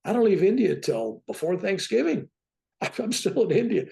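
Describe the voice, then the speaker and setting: A very gravelly older man in his seventies tells his story as a talk-show guest. His pitch swoops up and down as he goes. He sits a little high for his age and keeps checking in with "right?". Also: moderate pace. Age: 70s. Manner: lively, keeps tagging "right?" onto his points. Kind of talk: animated personal storytelling.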